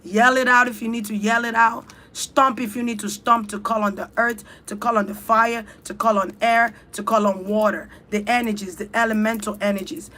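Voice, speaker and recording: A woman's voice: fairly high pitch, little pitch movement, normal speed, hardly any pauses, pushed and bright. A woman leading a spiritual ritual talk, urging listeners on in fervent, repetitive, chant-like phrases. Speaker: spiritual speaker.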